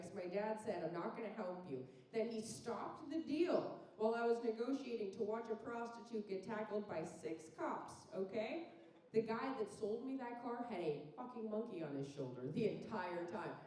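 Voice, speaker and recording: Warm and fairly high-pitched, this woman's voice comes with a little hiss or hum. She's a 30-something stand-up from Phoenix, Arizona, doing chatty, self-mocking material and riffing with people at a club. The mic sits far away, giving a roomy club sound.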